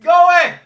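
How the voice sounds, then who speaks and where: A woman hosting a casual music reaction, exclaiming loudly, swearing a lot and laughing often. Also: very high voice. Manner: excitable, loud exclamations, heavy swearing, frequent laughter. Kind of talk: casual first-listen reaction commentary.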